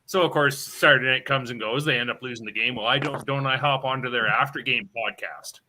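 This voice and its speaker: A man with a bright, forward voice talks on a live hockey betting stream. He tells rowdy stories, swears freely and acts out the people he quotes. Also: medium pitch, fairly quick, slight background noise. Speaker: show guest, hockey fan. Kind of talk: casual chat.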